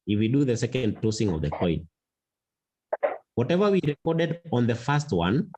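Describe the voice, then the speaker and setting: A man teaching a mathematics lesson, slow and deliberate, repeating key words for emphasis. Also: medium pitch, darkish tone, rough recording. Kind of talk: classroom lesson.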